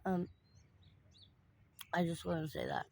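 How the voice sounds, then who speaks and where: A woman talking in a personal vlog, tearful after crying, rambling and halting with many fillers. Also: sits low, huge pitch swings, gravelly, darkish tone, a little hiss or hum.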